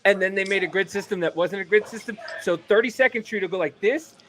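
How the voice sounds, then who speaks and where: A man chatting casually on a podcast, rambling and swearing as he tells animated stories. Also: high voice, fast talker, noisy background. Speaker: guest comedian.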